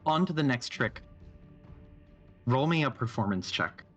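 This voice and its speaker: A man narrating a tabletop horror game as game master, in relaxed, halting narration with many restarts. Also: mid-range voice, highs cut off, soft background music.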